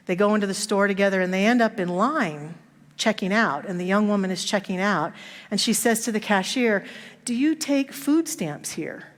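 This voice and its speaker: Speaking fairly quickly at a medium pitch, this minister weaves stories into her sermon and performs the voices of their characters. The recording, made in a church sanctuary, carries the reverb of the hall.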